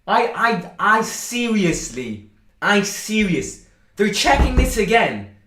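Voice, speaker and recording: Excitable man hosting a football watchalong. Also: high-pitched, slow pace, echoey room, slight background noise. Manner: excitable, shouts and boasts at goals, chatty with viewers. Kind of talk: live stream match reaction.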